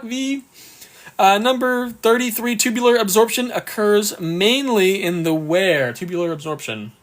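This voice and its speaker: A man teaching on a live stream, going through exam questions one by one and cheerfully thanking viewers, with a bout of hiccups. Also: sits high. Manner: upbeat, reads questions slowly, thanks viewers often. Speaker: exam prep tutor.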